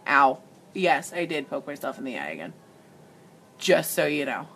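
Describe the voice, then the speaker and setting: A woman's voice: low-pitched, sing-song, moderate pace, a bit bright, a little hiss or hum. A woman hosting a live makeup tutorial, chatting casually with viewers and laughing often. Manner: giggly, talks straight to viewers, easily amused. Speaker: makeup demonstrator and livestream host.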